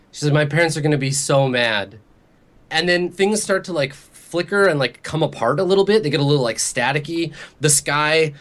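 A man's voice: medium pitch, fairly bright tone. Rambling male game master. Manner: rambling, many fillers and restarts. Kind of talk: improvised tabletop narration.

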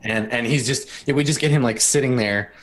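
A man running a tabletop game as game master, describing each scene in a loose, casual way. His voice sits at a middle pitch, and he scatters fillers through his narration. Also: fairly quick. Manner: casual, full of fillers, laughs often.

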